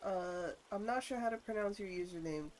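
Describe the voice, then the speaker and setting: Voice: medium pitch, brisk, a little hiss or hum. A congested live-streamer chatting casually while building, playful and prone to sing-song nonsense humming and mock-formal phrasing. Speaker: livestreamer.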